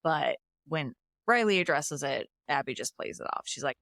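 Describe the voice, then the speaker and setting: Low-voiced woman recapping a film. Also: normal speed, vocal fry, dry recording, studio quality. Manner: animated retelling with acted quotes. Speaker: podcast host. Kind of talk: casual plot recap.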